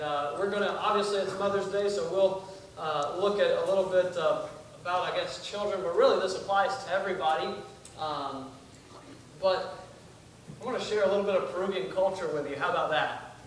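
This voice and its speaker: A young man, preaching as a visiting missionary in a folksy, self-deprecating way, with many fillers and restarts. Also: fairly high pitch. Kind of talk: sermon with casual asides. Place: church sanctuary. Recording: echoey church from far off, noisy.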